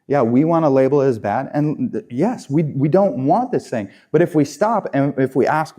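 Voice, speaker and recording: A man's voice: mid-range voice, normal speed, mellow. A man preaching a sermon in a conversational way, often repeating and restarting his phrases. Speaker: pastor.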